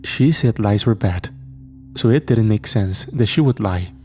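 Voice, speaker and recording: A man reading a scripted horror story in a slow, measured way. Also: on the low side, expressive, dark tone. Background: faint background music.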